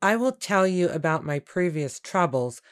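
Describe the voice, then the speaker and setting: A woman's voice: fairly low pitch, lively intonation, normal speed, natural voice. Woman reading as a smug, jovial landowner. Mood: dismissive. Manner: smooth, self-assured, dismissive. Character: scheming jovial male landowner, middle-aged. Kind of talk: audiobook character reading.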